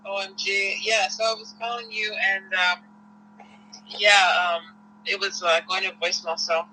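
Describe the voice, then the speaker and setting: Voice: medium pitch, little pitch movement, normal speed, music in the background, poor audio. A caller on a livestream who chats casually, giggling and hesitating with many fillers. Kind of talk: casual call-in chat. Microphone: headphones on a call.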